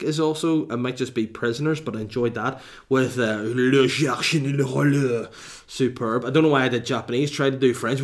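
Cheeky, crude man. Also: mid-range voice. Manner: cheeky, crude banter with quick asides. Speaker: comedian hosting a live Q&A stream. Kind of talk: casual live chat reading viewer questions.

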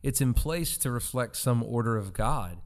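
A man's voice: medium pitch, expressive, moderate pace. A man talking in a casual faith discussion, conversational and agreeable, with loose, rambling phrasing.

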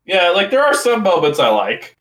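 A man's voice: high-pitched, huge pitch swings, normal speed, fairly bright tone. A man chatting casually about a movie, laughing often and stammering through restarts. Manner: giggly, avoids spoilers, stammering restarts. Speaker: co-host watching a movie.

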